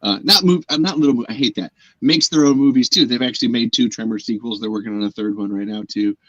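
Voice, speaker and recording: A man's voice: mid-range voice, quick pace, no room sound, dull audio. A man hosting a casual chat show, joking and swearing, who now and then slips into silly put-on voices. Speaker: podcast host.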